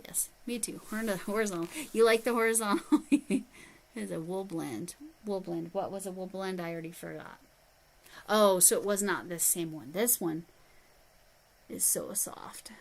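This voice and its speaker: A woman's voice: fairly low pitch, a little slow, vocal fry, rough recording. A middle-aged woman chatting casually on a livestream. She talks straight to her viewers, reads their comments aloud and thanks them, all while handling and describing yarn. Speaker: livestream host.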